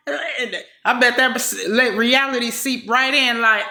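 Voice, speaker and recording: A woman vlogger talks through a clip in slangy, emphatic casual commentary and circles back to the same point again and again. Her voice is bright, and the room around her echoes. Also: on the high side, takes it slowly. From California. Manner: slangy, emphatic, repeats herself.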